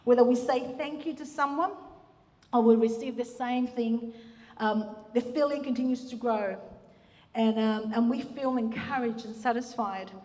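A woman's voice: on the high side, moderate pace. A woman pastor giving a conversational sermon with restarts and fillers, recorded in a church hall. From Australia. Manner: warm, conversational preaching with frequent restarts and fillers.

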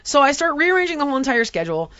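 A woman hosting a chat show, telling a story in an animated, exaggerating way and acting out quotes. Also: high-pitched, very fast, muffled recording. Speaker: podcast host telling a story. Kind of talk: casual chat.

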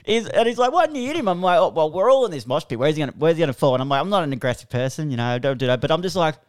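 A young Australian podcast co-host spins a rambling, animated story with a fairly high voice that leaps all over the place. His tone is smooth and resonant. The recording is dry and close. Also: racing, dry recording. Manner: animated, rambling, swears freely, laughs while telling. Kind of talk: casual chat, storytelling.

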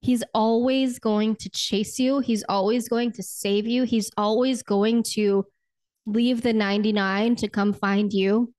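A woman hosting a faith podcast, talking earnestly and conversationally, often asking "right?" and slowing down to stretch her words for emphasis. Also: on the high side, steady tone, a little mellow. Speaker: podcast host. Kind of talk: faith podcast talk with guided prayer.

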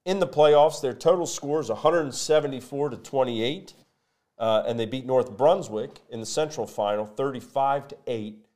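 A man hosting a local high school football talk show, reading sponsor spots and previewing games in a lively, conversational way. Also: normal speed. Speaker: sports show host. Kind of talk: sports talk and sponsor reads.

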